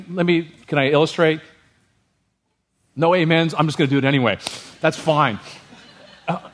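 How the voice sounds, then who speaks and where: A male pastor giving a sermon in a lively, humorous way, often checking in with the congregation. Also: mid-range voice.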